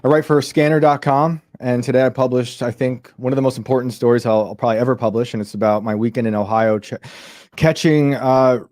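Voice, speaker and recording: A man's voice: mid-range voice, fairly even intonation, brisk, a little mellow, no echo, clean studio sound. A man who writes as a journalist, a guest on a panel show, speaking earnestly. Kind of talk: panel interview talk.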